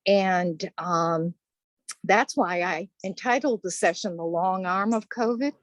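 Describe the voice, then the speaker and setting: A woman's voice: on the low side, slow, no echo. Chatty Boston-accented older woman. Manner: chatty, conversational. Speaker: course instructor. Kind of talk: interview answers.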